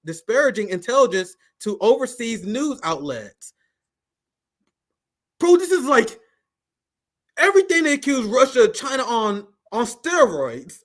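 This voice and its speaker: A man hosting a political talk stream, reading news aloud and commenting in a loose, slangy way with frequent laughs. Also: sits high. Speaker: host.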